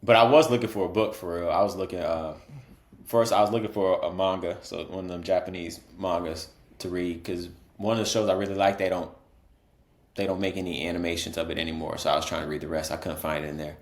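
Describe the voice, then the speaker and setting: A man's voice: low-pitched, flat delivery, fast, reverberant. A man co-hosting a podcast in casual chat, laid-back and rambling, laughing often. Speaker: podcast co-host.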